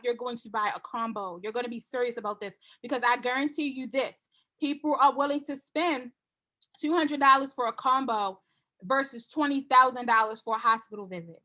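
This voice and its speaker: A woman's voice: sits high, bright, forceful tone. A woman giving a casual sales training talk to her team, confident and repetitive, acting out customer conversations.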